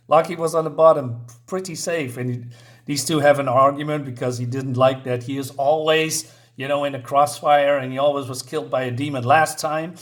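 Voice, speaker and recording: A man with an expressive, medium-pitched voice talks a little fast while casually reviewing a comic book. He retells the story and chattily reads characters' lines in playful voices, giggling along the way.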